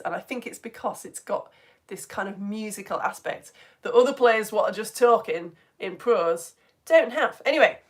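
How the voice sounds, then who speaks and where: A woman teaching a live online lesson for all ages in a chatty, playful way, tapping out rhythms as she talks. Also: fairly high pitch.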